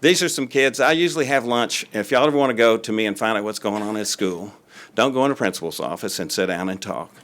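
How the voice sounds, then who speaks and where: A man's voice: lowish voice, fast, fairly bright tone. An older man, a school superintendent giving a folksy, rambling presentation to a city board, with many fillers. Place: city council meeting room.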